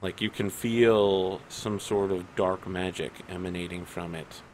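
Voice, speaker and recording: Slow, low-voiced male game master. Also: fairly even intonation, slight background noise, low-quality recording. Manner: dramatic, deliberate narration. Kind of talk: narrating a tabletop game.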